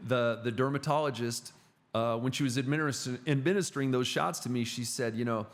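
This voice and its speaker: A middle-aged man sits in as a podcast guest, chatting casually. He tells his stories with animated energy at a middle pitch. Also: a little fast. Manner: animated storyteller. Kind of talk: casual conversation.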